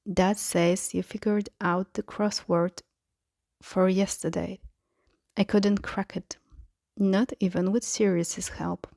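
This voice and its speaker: A woman's voice: medium pitch, flat delivery, takes it slowly, gravelly, dark tone, dry recording, clean studio sound. A woman reading the lines of a cheerful, friendly young man who praises his friend. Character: cheerful warm young man, easy laugh.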